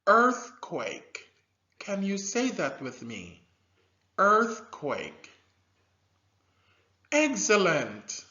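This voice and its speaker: A man teaching a scripted science lesson to young learners, slow and animated, with drilled repetition and loud praise. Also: sits high. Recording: dull lo-fi recording.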